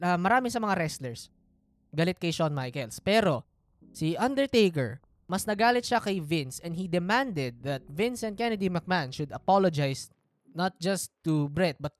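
Lively Filipino woman podcast storyteller. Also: on the low side, brisk, dry recording. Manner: animated, code-switching storyteller. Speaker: podcast host.

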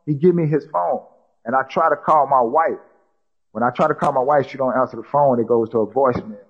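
A man's voice: medium pitch, a little fast, breathy edge, dull audio. A man telling a personal story in casual talk, repeating himself and acting out what people said. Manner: repetitive, acts out quoted dialogue.

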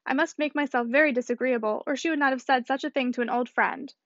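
A woman's voice: high voice, fairly even intonation, fast, a bit bright, dry recording. A woman reading the part of a chattering, good-natured older spinster who flutters and is eager to please. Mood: flustered. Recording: dull dry audiobook recording.

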